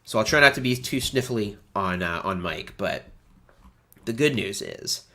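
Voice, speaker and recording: A man in his thirties from the United States with a stuffy nose, hosting a chatty, animated livestream. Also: lowish voice, a little slow. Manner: chatty and animated, many fillers. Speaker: host. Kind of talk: casual livestream chat.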